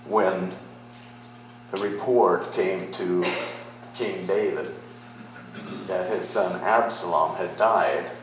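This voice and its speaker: A middle-aged male pastor preaching slowly, his fairly low voice carried through a very echoey sanctuary. He moves from easy, conversational teaching to strong, emphatic declarations. A faint hum sits under the room. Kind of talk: sermon.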